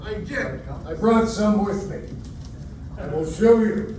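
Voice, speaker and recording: A man's voice: high voice, slow pace, slight background noise. Older man doing wry stand-up. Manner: wry, self-mocking, deadpan punchlines. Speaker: stand-up comedian. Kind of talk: stand-up comedy set. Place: comedy club stage. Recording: roomy club audio from far off. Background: laughing crowd.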